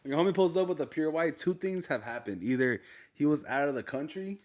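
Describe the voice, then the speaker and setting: A man's voice: on the high side, animated, brisk. A man from Los Angeles hosting a casual podcast chat, telling laid-back slangy stories and laughing often. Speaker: podcast host.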